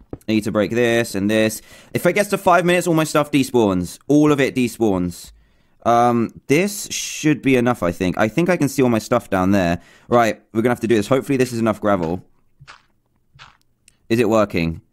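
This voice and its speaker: Excitable young man panicking over his game. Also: medium pitch. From England. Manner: excitable, panicky, talks to himself nonstop. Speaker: gaming YouTuber. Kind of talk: let's play commentary.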